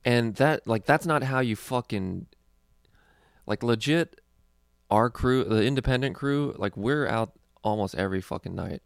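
A man's voice: medium pitch, lively intonation, unhurried, gravelly, dry recording, studio quality. A young man, a stand-up comedian, chatting casually in a rambling, profane, laid-back way. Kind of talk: casual chat.

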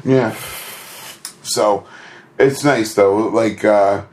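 A man's voice: fairly low pitch, drawn-out words. A man co-hosting a podcast in casual chat, retelling scenes and acting out silly voices as he goes. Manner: animated, acts out monster voices and shouts. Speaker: podcast co-host.

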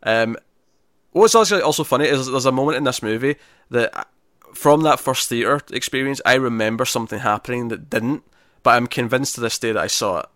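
A man's voice: medium pitch, brisk, a bit bright, dry recording, clean studio sound. A man co-hosting a casual movie-ranking chat, talking enthusiastically, laughing often and restarting his sentences. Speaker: podcast co-host ranking movies.

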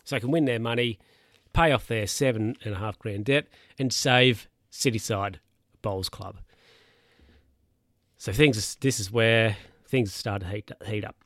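A man's voice: lowish voice, measured pace, a bit bright, dry recording, studio quality. A young man casually retelling a film's plot, rambling, chuckling and losing his place to check his notes. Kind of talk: casual film recap.

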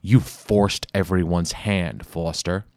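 A man's voice: sits low, steady tone, slow pace, darkish tone, dry recording, clean studio sound. A man doing an icy, vengeful young hero. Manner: icy, clipped, menacing. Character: vengeful young male hero, cold and grim.

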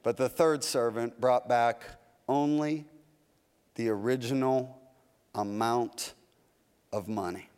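A male pastor delivering a folksy, animated sermon, acting out little asides as he goes. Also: mid-range voice, takes it slowly, pauses often, clear, resonant tone. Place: church sanctuary. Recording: long reverb of a large hall.

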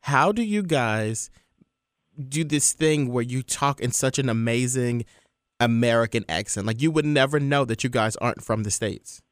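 A man's voice: mid-range voice, animated, normal speed, clean tone, dry recording, clean studio sound. A man hosting a casual interview, talking in an eager, gushing way with many fillers. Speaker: interview host.

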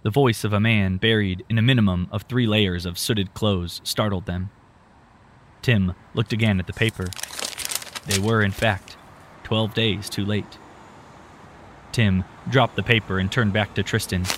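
Man, story narrator, fairly low voice, steady measured reading, faint background hiss.

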